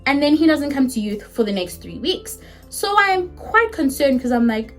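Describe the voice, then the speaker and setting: A young woman in her twenties with a South African accent, telling a story in a chatty, animated, casual way and swearing freely. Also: high-pitched, normal speed, soft background music. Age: 20s. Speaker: vlogger.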